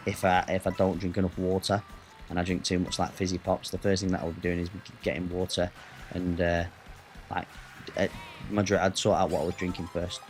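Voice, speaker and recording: A man's voice: low voice, level tone, a little fast, soft background music. A man with an English accent chatting casually with his viewers as a gaming streamer, rambling and answering the chat.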